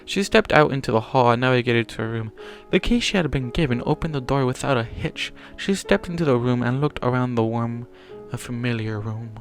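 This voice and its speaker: A man's voice: medium pitch, expressive, brisk. A man reading a fan story aloud, plainly, with small slips that he corrects as he goes. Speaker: fanfiction reader. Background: faint music.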